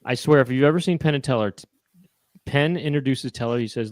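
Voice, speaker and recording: Man, show host, casual ramble, mid pitch, dry sound. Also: quick pace, a little mellow, no room sound. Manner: rambling, laughing, lots of you-knows. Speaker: co-host of a live chat show. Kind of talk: casual chat.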